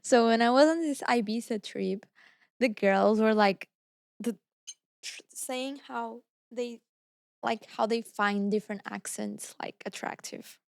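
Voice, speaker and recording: A woman from Portugal with a Portuguese accent, chatting casually as a podcast co-host. Her voice sits a little high, and she tells stories with life, acting out the voices of the people she quotes. The sound is dry and close. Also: unhurried, creaky, no room sound. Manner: lively storyteller, acts out quoted voices. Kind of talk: casual chat.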